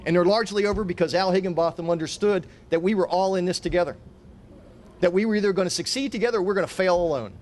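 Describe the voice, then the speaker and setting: A man's voice: high voice, fast talker, darkish tone. A middle-aged man, a mayor, giving a formal public speech with emphatic, repetitive phrasing.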